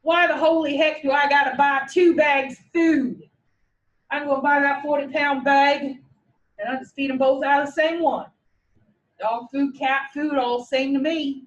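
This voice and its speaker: Woman voicing a folksy rural pet owner, bewildered and loud, high drawl; echoey, distant classroom sound. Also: fairly even intonation, moderate pace, dull audio, a little hiss or hum, lightly acted. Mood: indignant.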